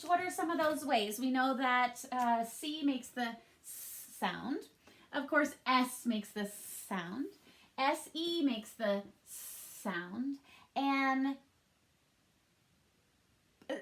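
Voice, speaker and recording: Here's a cheerful woman teaching children from home, her voice sitting a bit high. She sounds patient and upbeat as she walks young kids through their lesson. She speaks right to them into a laptop mic. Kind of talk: recorded remote phonics lesson for young children.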